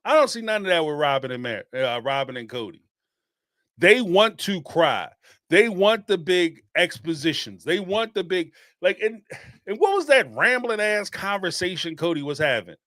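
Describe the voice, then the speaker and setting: A man hosting a reality-TV call-in show, giving sarcastic, animated commentary and laughing often. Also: sits high, moderate pace, no echo, clean studio sound. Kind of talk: casual commentary.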